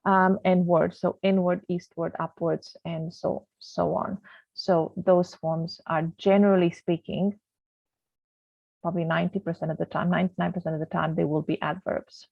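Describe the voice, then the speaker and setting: A woman's voice: on the low side, flat delivery, normal speed, creaky, a little mellow, no room sound. Woman teaching grammar over a tinny line. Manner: chatty, loses her thread, many ums. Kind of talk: grammar lesson over slides. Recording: tinny phone-like, dry sound.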